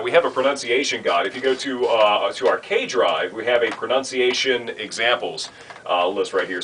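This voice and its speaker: A man training new radio announcers, talking in a relaxed, conversational way with frequent fillers. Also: on the low side, low-quality recording. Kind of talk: instructional talk.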